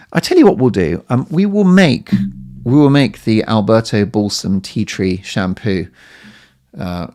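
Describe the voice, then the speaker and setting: A man hosting a podcast in a casual, playful monologue, jumping now and then to squeaky high exclamations. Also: creaky. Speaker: podcast host.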